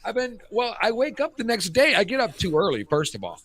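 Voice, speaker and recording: Brisk and high-pitched, a fifty-something man co-hosts a radio talk show, trading crude stories in casual chat. His lively storytelling comes through a cheap headset.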